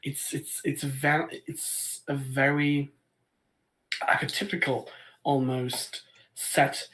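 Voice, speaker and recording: A man's voice: medium pitch, little pitch movement, slow pace, fairly bright tone, low-quality recording. A man playing in a tabletop game, chatting casually, hesitant, with stammered restarts and easy laughs. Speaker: player. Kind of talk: casual chat.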